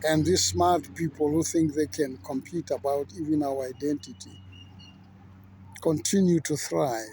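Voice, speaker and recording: A man who preaches as a pastor, giving an outspoken, measured monologue in a gravelly voice. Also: fairly high pitch, darkish tone, a little hiss or hum. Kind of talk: reflective monologue.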